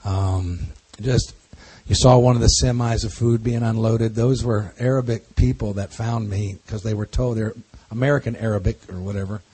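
A man's voice: lowish voice, steady tone, moderate pace, hardly any pauses, mellow, husky. A man speaking as a pastor to a congregation, telling stories in a folksy, joking way. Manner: folksy, jokey storytelling with laughs. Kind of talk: church talk to a congregation.

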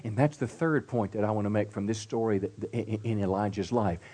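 Brisk and low-pitched, a middle-aged man leads a church service sermon as pastor. His style is emphatic, punctuated by "come on" call-outs and softened for hushed stories.

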